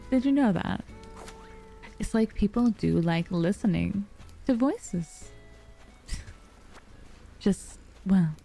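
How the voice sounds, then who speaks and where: A woman streamer chatting softly and calmly on a dynamic mic, sounding sleepy and relaxed. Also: mid-range voice, creaky. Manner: soft, sleepy and calm, yawning. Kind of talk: relaxed live-stream chat. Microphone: dynamic studio mic.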